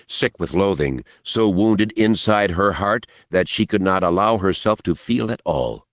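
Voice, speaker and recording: A man reading a novel aloud as audiobook narrator, expressive and dramatic. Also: low-pitched, dry recording, studio quality.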